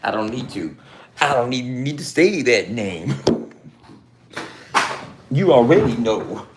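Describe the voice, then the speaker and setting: A man's voice: medium pitch, animated, slow pace, background noise. A man hosting a casual livestream from his home, swearing constantly and laughing often. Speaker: livestream host. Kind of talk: profane casual livestream chat. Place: room at home.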